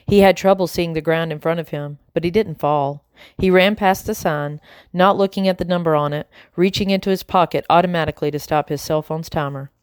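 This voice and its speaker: A woman narrating a children's novel in a measured, steady reading style. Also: deep voice, smooth, no room sound. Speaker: audiobook narrator. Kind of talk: scripted narration.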